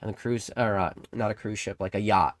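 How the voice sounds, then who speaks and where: A young man with a fairly low voice gives a casual, rambling monologue as a trading card channel host. He gets emphatic, swears freely and slips into acted-out voices while telling stories. The sound is dry and close. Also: fairly even intonation, brisk, dry recording.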